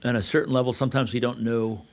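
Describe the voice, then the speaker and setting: A middle-aged man hosting a podcast, telling a story in casual talk, swinging from loud bursts to hushed tones and swearing freely. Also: mid-range voice, fairly even intonation, fast. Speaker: podcast host.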